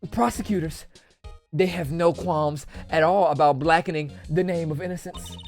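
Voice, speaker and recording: A man's voice: on the high side, moderate pace, gravelly, darkish tone, soft background music, voice pushed up. A man voicing a theatrical, scheming older lunch lady with grandiose, melodramatic delivery that stumbles over the lines.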